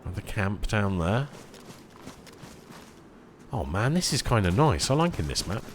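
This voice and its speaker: A man chatting casually while streaming a survival game, tired and rambling, easily excited by small finds. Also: lowish voice, unhurried, a little hiss or hum. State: tired, yawning. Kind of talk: casual live-stream commentary.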